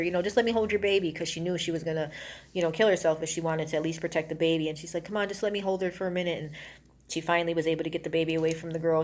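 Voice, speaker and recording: A woman with a slightly low voice walks through a movie's plot in a loose, rambling way. She leans on fillers like "you know" and "um". When she voices the characters, her pitch jumps up for a moment. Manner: acts out characters' lines in a raised voice. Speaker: movie reviewer. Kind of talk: casual plot retelling.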